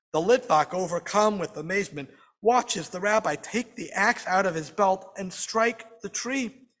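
A man delivers a storytelling sermon at a Sabbath service, unhurried and dramatic, leaning into slow, drawn-out phrases. His voice sits somewhat high, and a long hall reverb trails behind each line. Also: fairly bright tone.

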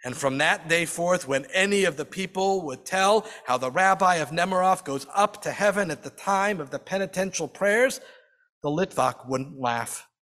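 A man delivers a storytelling sermon at a Sabbath service, unhurried and dramatic, leaning into slow, drawn-out phrases. His voice sits somewhat high, and a long hall reverb trails behind each line. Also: a bit bright.

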